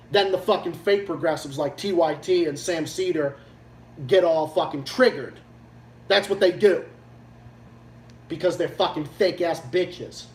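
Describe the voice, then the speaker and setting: A Massachusetts man hosts a livestream, ranting with heated, blunt profanity in a fairly high, darkish voice. The sound is echoey, as if the mic sits far off in a room with a faint hum underneath.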